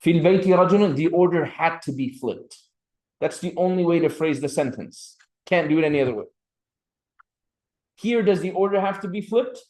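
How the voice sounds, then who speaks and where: Lively man teaching a class. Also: a little high, fairly quick. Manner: lively, quizzes students by name, code-switches into recited Arabic. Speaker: Arabic grammar teacher. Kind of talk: classroom lecture. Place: seminary classroom.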